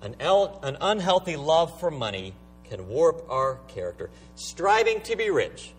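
Male pastor, sermon, emphatic, rhetorical questions, very lively pitch, slightly high voice. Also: moderate pace, husky, far from the mic, rough recording.

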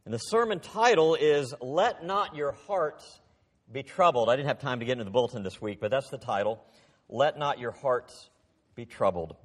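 A man preaching a sermon as pastor, reading scripture aloud and acting out the people in it, dropping to intense low lines. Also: husky, in a large hall.

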